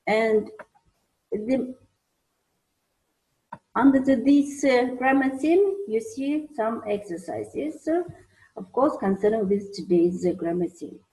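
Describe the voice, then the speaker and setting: A woman's voice: fairly high pitch, lively intonation, takes it slowly, pauses often, warm tone, low-quality recording. A woman teaching an English lesson, hesitant, with many fillers and restarts. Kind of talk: recorded online lesson.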